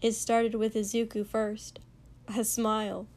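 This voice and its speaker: A woman reading fiction aloud as narrator, in an unhurried, measured way. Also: on the high side, flat delivery, darkish tone.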